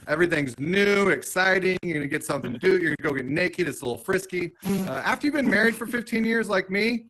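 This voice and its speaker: A man in his thirties performing a stand-up set on a comedy club stage, with dry, self-mocking jokes and quick asides to the crowd. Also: high voice, lively intonation, fairly bright tone, rough recording. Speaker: stand-up comedian hosting the show.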